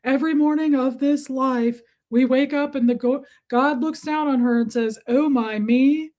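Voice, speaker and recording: A woman's voice: sits high, steady tone, moderate pace, darkish tone. A woman hosting a casual livestream, reading viewer comments aloud and answering them in a chatty, profane, teasing way. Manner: playful exaggerated teasing. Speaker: livestream host.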